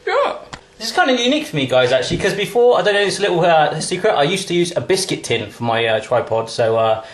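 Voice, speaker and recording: Fast-talking, playful cooking host. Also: male voice, fairly high pitch, big pitch swings, reverberant. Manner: playful, jokey and chatty. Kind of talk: casual cooking demonstration. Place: home kitchen. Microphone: camera on a tripod.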